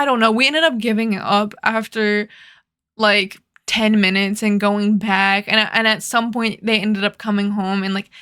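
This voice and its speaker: A woman's voice: on the high side, a bit bright. A young woman telling a rambling, profane story in a casual storytime chat, full of "like" fillers. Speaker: vlogger.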